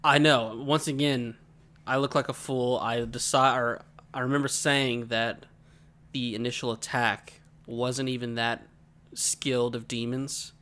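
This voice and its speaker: A man co-hosts a relaxed podcast, spinning stories with lots of energy. His voice sits at an ordinary middle pitch, and he breaks into laughter as he talks. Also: measured pace. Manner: animated storyteller, laughs mid-story. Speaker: podcast co-host. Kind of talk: casual chat.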